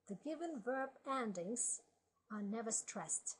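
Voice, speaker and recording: Slow, methodical woman teaching a language. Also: on the high side, slightly rough, rough recording. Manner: slow, methodical, reads word lists aloud. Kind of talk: language lesson walkthrough.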